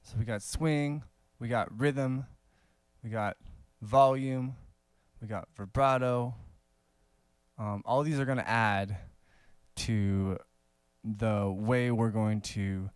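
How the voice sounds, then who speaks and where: Smooth-voiced man teaching casually. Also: medium pitch, takes it slowly, dry recording, studio quality. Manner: relaxed, conversational, many fillers and little laughs. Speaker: saxophone teacher. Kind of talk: casual video lesson.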